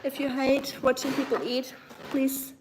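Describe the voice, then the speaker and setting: A young woman with a slightly high voice hosts a relaxed livestream from her kitchen. She chats and muses with her viewers, answering them between bites. Soft clinks of cutlery and dishes sit faintly behind her. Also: measured pace, background noise. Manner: chatty, musing, answers chat while eating. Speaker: livestream host. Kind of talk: casual chat with live chat viewers.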